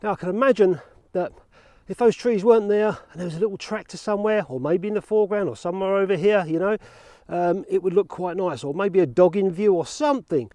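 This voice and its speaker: A man's voice: sits high, fairly quick, few pauses, warm tone, no echo. A man vlogging casually outdoors in fields about film photography, chatty and self-deprecating, out of breath from cycling. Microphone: action camera.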